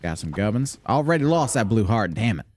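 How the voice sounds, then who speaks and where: A man's voice: fairly low pitch, sing-song, fairly quick, darkish tone, slight background noise. A young man streaming a game, chatting casually and swearing freely in a put-on Southern drawl. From Michigan, raised largely in the US South. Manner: profane, laid-back, chatty. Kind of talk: casual live gameplay commentary.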